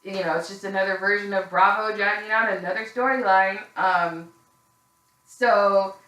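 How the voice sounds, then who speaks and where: A woman delivers a casual, opinionated recap, candid and gossipy, cursing without hesitation and leaning on fillers. Her voice is bright and forward, and it rings off the hard walls of an echoey room. She sounds a little worn out. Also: medium pitch, fairly even intonation, normal speed. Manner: candid and gossipy, swears freely, frequent fillers. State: tired. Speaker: reality TV recap reviewer.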